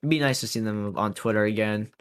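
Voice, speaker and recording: A man's voice: fairly low pitch, fast, smooth. Young man rambling in casual chat. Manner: rambling, filler-heavy and profane. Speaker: podcast co-host.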